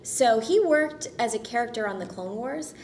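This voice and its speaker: A woman's voice: a little high, expressive, normal speed, a little mellow, slight background noise. A woman actress answering interview questions casually, upbeat, friendly and enthusiastic.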